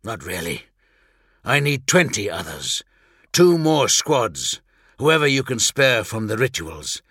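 A man voicing a weary, blunt male warrior huntsman, speaking in a measured, grim way. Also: fairly low pitch, very animated, a bit bright, breathy edge, no echo, clean studio sound, heavily acted.

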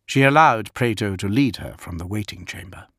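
A man narrating an audiobook in a steady, even storytelling manner. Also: on the low side, normal speed, husky, no echo, studio quality.

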